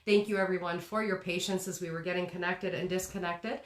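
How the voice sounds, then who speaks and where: A woman's voice: fairly low pitch, fairly even intonation, fairly quick, reverberant. A woman hosting a casual live talk, often ending her sentences on a rising note and laughing easily. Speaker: host. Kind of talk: casual conversational live stream.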